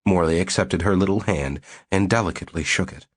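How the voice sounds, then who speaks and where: Male audiobook narrator, low and husky, steady storytelling delivery. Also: a little fast. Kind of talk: scripted narration.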